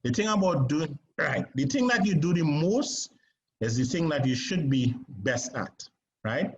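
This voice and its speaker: A man teaching an online acting lesson, talking conversationally with emphatic pauses and checks on whether his listeners follow. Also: fairly high pitch, animated, muffled recording, slight background noise.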